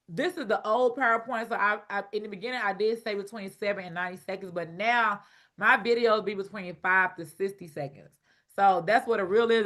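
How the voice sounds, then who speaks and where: A woman, teaching an online business masterclass in a playful, loud, slangy way. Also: medium pitch.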